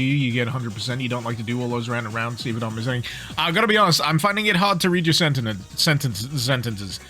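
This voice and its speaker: Bright-voiced man streaming a game. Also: a little high. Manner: jokey, laughs often, chats with viewers. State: a little tipsy from beer. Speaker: gaming streamer. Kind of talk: casual livestream commentary.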